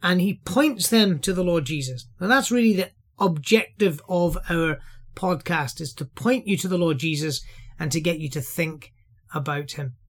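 A man's voice: on the high side, moderate pace. A man giving an earnest, explanatory Bible teaching for a podcast, sermon-style.

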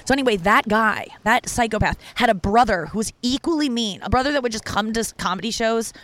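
Candid, profane woman comedian telling stories. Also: fast. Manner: candid, profane, heavy use of "like" fillers; animated when quoting people, with big pitch jumps. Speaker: stand-up comedian. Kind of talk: casual storytelling monologue.

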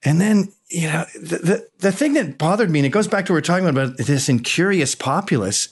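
A man being interviewed, telling animated stories and slipping into mocking voices. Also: on the high side, fast, hardly any pauses, breathy edge. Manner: animated storyteller who slips into mocking voices. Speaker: interview guest. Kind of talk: casual interview storytelling.

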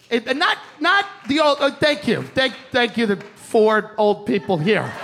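A man doing a stand-up comedy set on a theater stage, ranting brashly and with plenty of profanity. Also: extremely high pitch. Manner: brash, profane, aggressive rants. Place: theater stage before a live audience. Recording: stand-up recording with crowd noise.

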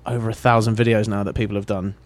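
A man's voice: lowish voice, little pitch movement, fast. Chatty British man telling stories. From Britain. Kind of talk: casual chat.

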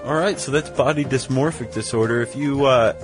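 A man's voice: medium pitch, a little fast. A man co-hosting a podcast in casual conversation, dropping dry jokes as he goes. His voice sits in a middle range. Faint music plays in the background. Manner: wry, joking. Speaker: podcast co-host. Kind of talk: casual chat.

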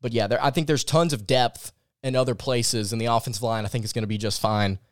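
A man's voice: medium pitch, steady tone, fast, dry recording. A man hosting a sports podcast in casual, opinionated talk, close to the mic. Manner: chatty, opinionated and self-deprecating. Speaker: podcast host.

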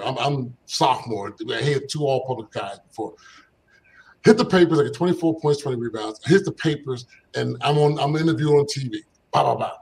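Animated older man telling stories. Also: on the high side, a little hiss or hum, poor audio. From Philadelphia. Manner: animated storyteller, acts out quoted voices, laughs often. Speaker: interview guest, former basketball player. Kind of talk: casual storytelling.

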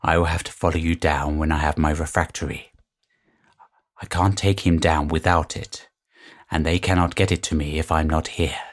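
A woman voicing a grave adult male ally in a tabletop game, speaking in a solemn, measured way. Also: very deep voice, steady tone, voice pushed down.

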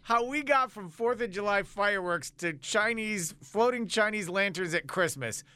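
A man's voice: high voice, animated, pushed and bright, clear, resonant tone, dry recording. A man co-hosting a radio show, running a call-in game and teasing his partner. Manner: teasing, quick quips. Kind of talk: casual radio banter.

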